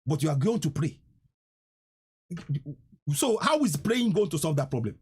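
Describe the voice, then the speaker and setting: A man with a Nigerian accent hosts a political livestream in a fairly high, sing-song voice with a darkish tone and breathy edge, speaking at a moderate pace and pausing often. He preaches, switches between Pidgin and English, and repeats lines to hammer his point.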